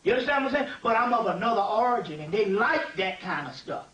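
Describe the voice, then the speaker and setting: A man giving an informal spiritual lecture, animated and digressive, often checking that listeners follow. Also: sits high, fast, highs cut off. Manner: animated, digressive, keeps asking "you see what I'm saying". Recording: echoey room, distant mic, faint ambient noise.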